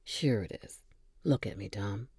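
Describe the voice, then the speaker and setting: A woman's voice: extremely low pitch, unhurried, dark tone, slightly rough, dry recording, voice pushed down, full character voice. A woman voicing a dry, teasing, theatrical woman in her forties in a storybook reading. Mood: wry. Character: sardonic woman in her forties in a hospital bed, imperious.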